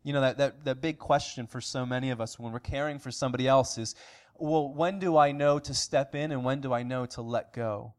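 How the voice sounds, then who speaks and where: A man's voice: mid-range voice, fairly quick. A man preaching an earnest sermon as pastor, asking rhetorical questions and restarting phrases now and then. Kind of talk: sermon recap.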